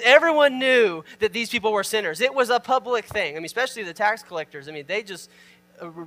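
A man with a high voice preaches a conversational sermon and keeps it informal. His tone is bright and forceful. He reads scripture out loud and stops to put questions to the listeners. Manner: reads scripture aloud and explains it. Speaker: pastor.

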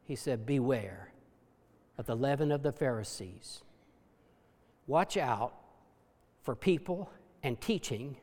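A man preaching a sermon with passion, dropping to hushed low tones for emphasis. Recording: long hall reverb.

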